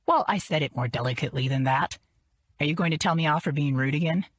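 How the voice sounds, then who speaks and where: A woman voicing a suave, wealthy man with a smooth, cultured and dry manner. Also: low-pitched, fast, no room sound. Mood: dry teasing.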